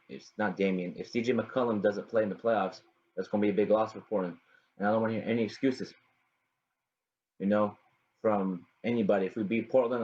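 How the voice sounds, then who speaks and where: A man's voice: on the low side, darkish tone. A young man hosting his own sports podcast, rambling casually, often repeating "you know what I mean" and greeting viewers by name. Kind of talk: casual solo sports talk. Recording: dull lo-fi home recording.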